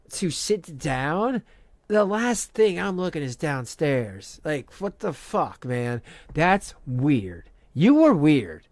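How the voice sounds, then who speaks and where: A man's voice: a little high, no room sound, clean studio sound. A man hosting a commentary channel, delivering a profane, mocking rant with exasperated disbelief. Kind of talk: angry reaction rant.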